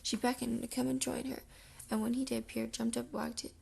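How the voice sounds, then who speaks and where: A woman reading a children's chapter book aloud in a soft, half-whispered way, her voice gravelly and rough from the early morning. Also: fairly high pitch, little pitch movement, fairly quick. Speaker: audiobook reader.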